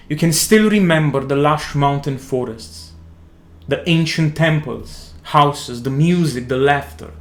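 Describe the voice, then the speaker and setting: A man, narrating a tabletop game as game master in a slow, dramatic second-person style. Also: medium pitch, roomy sound.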